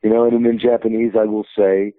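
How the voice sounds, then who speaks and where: A man's voice: on the low side, little pitch movement, fairly quick, dry recording. A man in his fifties, a wrestling promotion president, telling rambling stories as a guest in a phone interview. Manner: rambling anecdotal storyteller. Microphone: telephone. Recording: tinny phone line.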